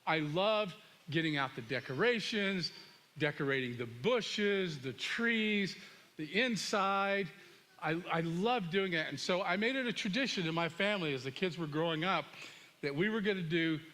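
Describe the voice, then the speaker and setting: Middle-aged male pastor, animated sermon storyteller, bright and high-pitched. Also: normal speed. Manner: animated storyteller, acts out dialogue.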